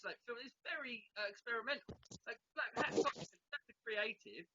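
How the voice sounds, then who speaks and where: Bright, sweary podcast host. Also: male voice, high voice, brisk. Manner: sweary, rambling, laughs often. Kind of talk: casual chat. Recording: dull lo-fi sound.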